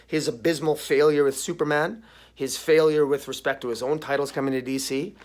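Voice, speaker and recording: A man's voice: on the high side, fairly even intonation, fairly quick, darkish tone. A man giving a sarcastic, exasperated solo review, full of rhetorical questions and restarts. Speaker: comic book reviewer.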